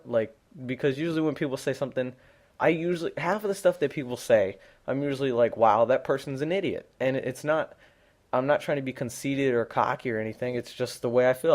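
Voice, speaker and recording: A man's voice: medium pitch, darkish tone. Rambling teenage boy gamer. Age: teens. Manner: rambling, blunt, many fillers and restarts. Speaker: gaming commentator. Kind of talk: unscripted gameplay commentary.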